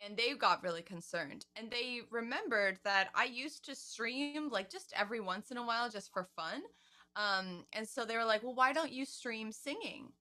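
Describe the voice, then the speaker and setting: A woman's voice: fairly high pitch, expressive, normal speed, bright, forceful tone. A woman in her twenties, a singer, telling her story in a casual interview, chatty and openly emotional.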